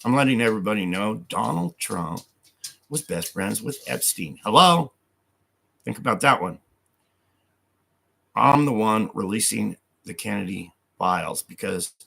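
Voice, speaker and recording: Man, live-stream rant, low gravelly voice, profane, reads out comments and argues back. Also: animated, unhurried, long pauses, a bit bright. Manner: angry, profane, reads hostile comments aloud and rebuts them; speaks of God and his own story with heavy conviction.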